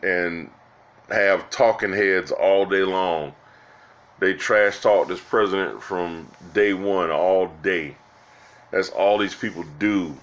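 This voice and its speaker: Low-voiced man ranting on politics. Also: a bit bright, muffled recording. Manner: rambling, exasperated, with frequent restarts; addresses viewers as "guys" and "y'all". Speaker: political vlogger. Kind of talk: casual political commentary.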